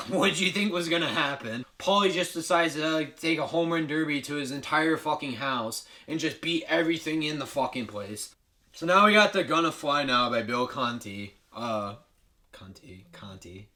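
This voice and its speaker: A man's voice: a little high, expressive, normal speed, sharp tone. A young man recapping a movie comedically, rambling and swearing with lots of filler words.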